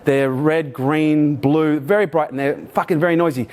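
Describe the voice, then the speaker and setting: Swearing Australian man, higher-pitched voice. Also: normal speed. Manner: energetic, swears freely, animated retelling. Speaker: keynote speaker. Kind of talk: motivational storytelling talk. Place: in front of a live audience.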